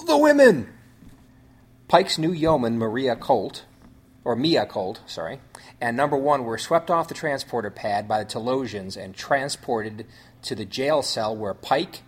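A man with a husky, mid-pitched voice reads a story synopsis aloud as host. He moves through it in measured phrases and now and then stops to restart a word.

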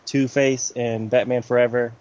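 A man co-hosting a podcast, talking in a relaxed, rambling way with many fillers. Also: mid-range voice, moderate pace. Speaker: podcast co-host. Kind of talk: casual chat about comics. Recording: slightly dull lo-fi audio.

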